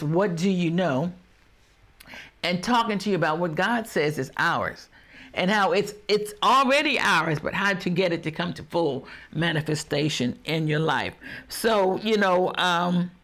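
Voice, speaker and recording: A man delivering a sermon in a high-pitched voice. He preaches emphatically, repeating phrases for weight and slipping into the voices of the people he talks about. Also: a bit bright.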